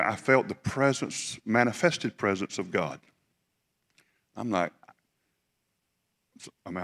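A man from South Georgia with a Southern US accent, preaching a lively testimony sermon with animated storytelling. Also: medium pitch. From South Georgia, USA. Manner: animated storytelling, building to fervent praise. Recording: reverberant hall.

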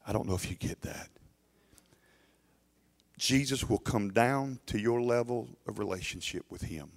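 A man's voice: fairly low pitch, lively intonation, a little slow, gravelly. A middle-aged man preaching a sermon in a church, emphatic and urging, often restarting his words. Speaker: pastor.

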